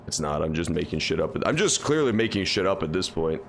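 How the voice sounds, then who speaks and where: A man's voice: low voice, very animated, fairly quick, a little hiss or hum. A man streaming a game, giving casual, joking and profane commentary. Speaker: gameplay streamer. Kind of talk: casual live gameplay commentary.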